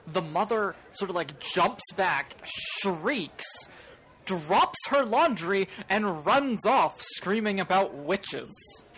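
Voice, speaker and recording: A woman's voice: medium pitch, lively intonation, a bit bright. A woman narrating a tabletop role-playing game as game master, hesitant and full of fillers. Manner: hesitant, many fillers, unhurried.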